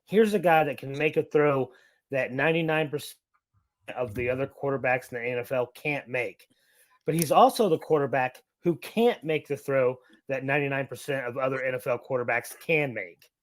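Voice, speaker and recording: Measured man talking football. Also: medium pitch, no room sound. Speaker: podcast panelist. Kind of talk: casual sports chat.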